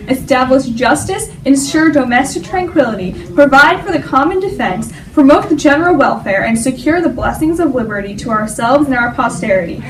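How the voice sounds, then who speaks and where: A teenage girl in a school comedy skit, reading a passage aloud and puzzling over her answer. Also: high-pitched. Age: teens. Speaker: student contestant. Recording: echoey room, mic at a distance, noisy.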